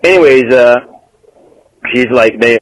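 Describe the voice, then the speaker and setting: A man's voice: medium pitch, measured pace, rough recording. Male guest, casual earnest storyteller, mid-range voice. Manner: earnest, matter-of-fact recounting.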